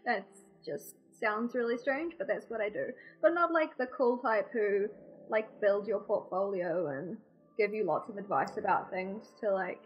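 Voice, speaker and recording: A woman with a New Zealand accent guests on a podcast, chatting casually in an unhurried, mid-range voice, poking fun at herself and leaning on "like" constantly. She's a streamer, and the audio is dull with faint music in the background.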